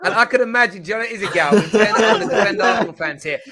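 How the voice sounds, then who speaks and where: A man's voice: high-pitched, very fast, over a noisy crowd. A man hosting a casual football chat, teasing his co-hosts. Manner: teasing, banter-heavy. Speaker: host.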